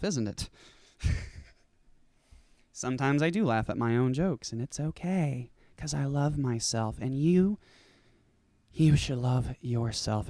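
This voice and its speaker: A show host delivering a rambling, profane, animated stoned comedy rant. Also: medium pitch, no echo, clean studio sound. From California.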